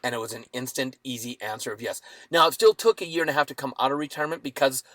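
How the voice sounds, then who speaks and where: A man in his fifties telling a dramatic personal story as a podcast guest, with lively acted-out quotes. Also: medium pitch, fast talker, no room sound.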